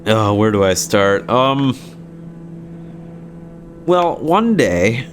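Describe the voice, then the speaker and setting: A man's voice: fairly low pitch, big pitch swings, extremely slow, faint music behind. A young man casually telling a story from his school days, sarcastic, swearing freely and laughing often.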